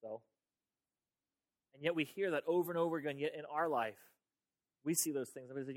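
A man's voice: a little high, a little fast, pauses often. A man pastor preaching a sermon in a conversational way, often repeating words and talking straight to his listeners. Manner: conversational, repeats words, talks to the audience directly.

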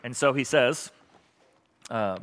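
Male pastor, animated sermon delivery with humor, bright tone. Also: medium pitch, takes it slowly. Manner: animated and joking with the congregation. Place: church sanctuary.

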